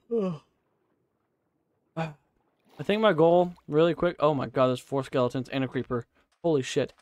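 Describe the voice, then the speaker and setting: A man's voice: fairly high pitch, slow, pauses often, a little mellow, no echo. A man giving casual, profane live commentary while playing a game, chatting to himself and his viewers. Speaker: streamer.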